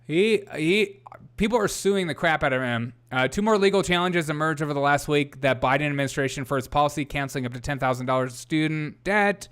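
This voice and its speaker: A young man talks casually through a political livestream, reading news headlines and chatting with viewers in the chat. His voice sits a little high for a man and comes through smooth and clear, loose and conversational. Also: a little fast, fairly bright tone. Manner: chatty, reads headlines aloud, laughs often, greets chat viewers.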